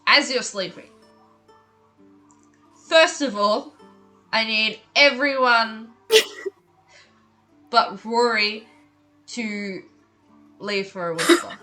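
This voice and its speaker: Woman dungeon master, bright voice, hushed ominous narration for scenes. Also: fairly high pitch, drawn-out words, pauses often, soft background music. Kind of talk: narrating a tabletop game over voice chat.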